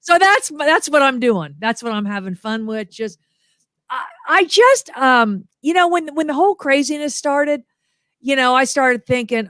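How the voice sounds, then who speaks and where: A lively middle-aged woman tells funny stories in an easy, chatty way, slipping into little voices for the people she quotes. Her voice sits a bit high and sounds close and dry. She is speaking over a video call. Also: unhurried, dry recording. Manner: animated storyteller, acts out quotes in voices. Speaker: guest, motivational humorist. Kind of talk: casual interview chat.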